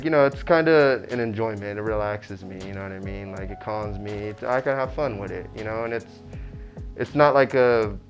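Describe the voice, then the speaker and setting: A man in his twenties chatting easygoing in a casual interview, sprinkling in filler phrases. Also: fairly low pitch. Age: 20s. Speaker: delivery manager at a cannabis dispensary.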